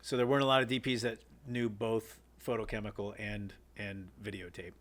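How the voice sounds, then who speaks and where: A man's voice: on the low side, little pitch movement, a little fast, a bit bright. A man, a filmmaker, telling rambling behind-the-scenes stories in a casual interview. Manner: rambling anecdotes with many fillers and restarts. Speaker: guest filmmaker.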